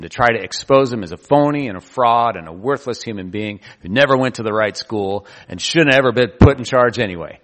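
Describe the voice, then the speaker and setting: Animated male pastor preaching in a hall. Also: medium pitch. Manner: animated storytelling with quoted voices. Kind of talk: sermon.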